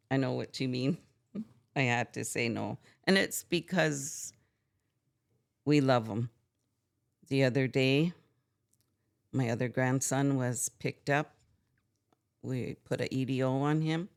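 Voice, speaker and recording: Older woman, podcast guest; very low, gravelly voice; frank and emphatic. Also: slow, long pauses. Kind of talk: candid conversational storytelling.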